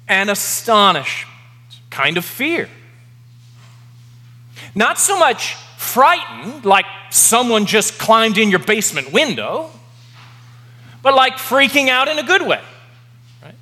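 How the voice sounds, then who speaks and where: A man preaching a sermon as pastor, emphatic, repeating key words slowly for effect. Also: very high voice, big pitch swings, pushed and bright. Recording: long reverb of a large hall.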